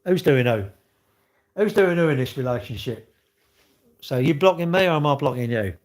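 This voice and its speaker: A man's voice: medium pitch, expressive, moderate pace. A man on a live stream, answering chat comments bluntly in a rambling way, full of restarts and rhetorical questions.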